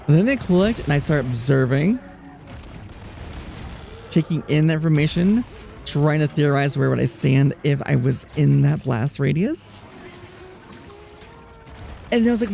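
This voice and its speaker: A man streaming live who chats casually with his viewers in a soothing, relaxing, soft-spoken voice with gentle pauses. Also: a little high, gravelly, soft background music. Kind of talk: casual chat, answering viewers while gaming.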